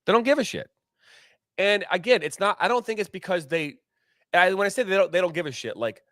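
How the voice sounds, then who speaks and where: This soccer commentator co-hosts a podcast, his high, fairly bright voice captured in studio quality with no echo. He delivers a candid, opinionated rant full of swearing and rambling restarts.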